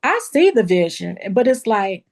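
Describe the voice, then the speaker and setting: A woman who owns a beauty school tells a personal story in a lively, casual way, talking straight to her listeners and acting out what people said. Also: mid-range voice, normal speed, vocal fry. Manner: lively, acts out quoted dialogue in a raised voice; casual, addresses listeners as y'all.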